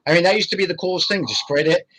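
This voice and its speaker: A man's voice: sits high, racing, a bit bright, husky, poor audio. An older man from Connecticut, a guest paranormal investigator, chatting casually in an interview and telling rambling anecdotes full of fillers. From Connecticut, USA.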